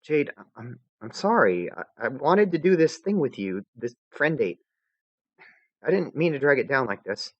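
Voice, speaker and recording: A man's voice: medium pitch, sing-song, normal speed, dry recording, dull audio, pitched above the performer's own voice. A man voicing a brash teenage troll girl whose cocky talk turns shaky and full of stammers.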